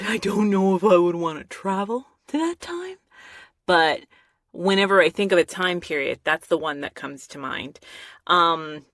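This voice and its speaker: A woman hosting a casual solo podcast, catching listeners up in an animated, laughing way. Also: on the low side, dry recording, studio quality. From half Mexican. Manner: animated storytelling with frequent laughs. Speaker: podcast host. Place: small recording studio. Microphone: studio microphone.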